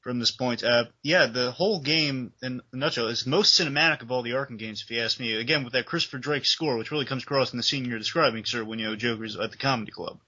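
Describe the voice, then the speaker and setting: A man co-hosting a casual video game review chat, hesitant and quick to apologize. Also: mid-range voice, bright, forceful tone. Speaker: co-host. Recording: dull lo-fi home recording.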